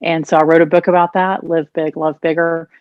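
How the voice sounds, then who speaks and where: A Texan woman in her forties talks as a podcast guest, candid and unfiltered. Her voice is notably low for a woman, and the recording is close and dry. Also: flat delivery, fairly quick, no room sound, lo-fi sound. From Texas. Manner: candid and down-to-earth. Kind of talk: podcast interview.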